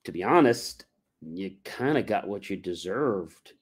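A man's voice: sits low, animated, measured pace, husky. A man hosting a livestream, telling a rambling personal story and acting out the other people's lines with many fillers and restarts. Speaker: livestream host.

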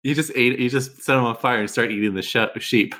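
A man playing a tabletop role-playing game, excitedly narrating his character's actions in halting bursts. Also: mid-range voice. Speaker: player.

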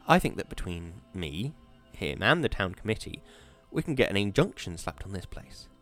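A man's voice: low voice, very animated, moderate pace, fairly bright tone, faint music behind. A man voicing a cocky young college-boy worker. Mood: defiant. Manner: cocky, mocking. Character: defiant, sarcastic young male college-boy mill worker.

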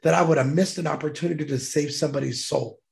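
A man's voice: a little high, steady tone, quick pace, gravelly. A man, a military veteran guest, telling an emotional personal story in a heartfelt, emphatic way. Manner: heartfelt, emphatic, choked up at times.

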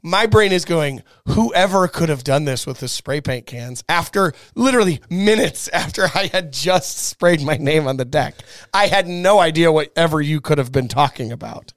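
A young man in a casual chat, telling a funny story with lively acted-out quotes and laughter. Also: a little high, moderate pace, dry recording, clean studio sound.

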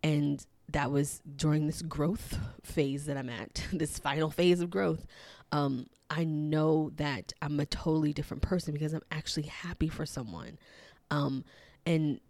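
Low-voiced woman in reflective self-help talk. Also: steady tone, unhurried, a little mellow, dry recording. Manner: reflective, repetitive, filler-heavy, laughs lightly. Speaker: podcast host.

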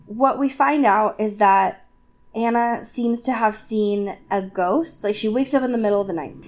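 A woman co-hosting a casual podcast, recapping a novel chapter with lots of fillers and quick asides. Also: fairly high pitch, a little mellow. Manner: chatty, filler-heavy, acts out characters in quick asides. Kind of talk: casual chat.

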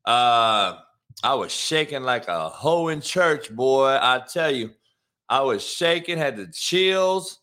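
A man's voice: medium pitch, expressive, slow, sharp tone. A man hosting a casual solo podcast, hyped and slangy, swearing freely. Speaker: podcast host.

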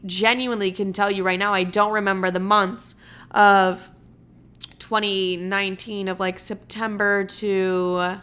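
Young woman vlogger, mid pitch, casual and raw, lots of "like" and cursing. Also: little pitch movement, a little slow, fairly bright tone, clear, resonant tone. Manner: casual, swears often, heavy use of "like". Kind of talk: candid personal storytelling to camera.

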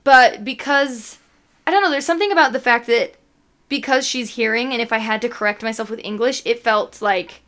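A woman's voice: a little high, a little fast, a bit bright. A young woman co-hosting a podcast, chatting casually, telling stories and laughing often. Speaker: podcast co-host. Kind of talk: casual chat.

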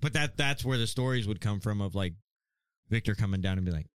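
A man's voice: on the low side, fast, smooth, no echo. A man co-hosting a podcast, telling casual, profane, rambling stories. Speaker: podcast co-host. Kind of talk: casual chat.

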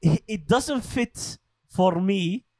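A man's voice: high-pitched, slow, no room sound. A young man co-hosting a casual podcast, swearing freely and laughing as he tells stories. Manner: swears freely, laughs often, animated storytelling. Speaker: podcast co-host.

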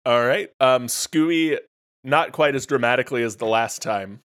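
Halting male game master. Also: medium pitch, fairly bright tone. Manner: halting, casual, self-correcting. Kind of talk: narrating a tabletop game.

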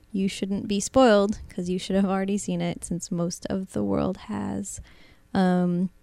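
A woman hosting a casual podcast, playful and chatty, with quick asides. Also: medium pitch, mellow, no echo. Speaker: podcast host.

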